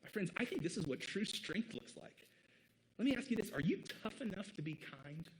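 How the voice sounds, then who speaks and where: A man's voice: high voice, big pitch swings, normal speed, noisy background. A man from the American Midwest preaching a sermon as pastor in an earnest, conversational way, with short laughs between points. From Midwest United States.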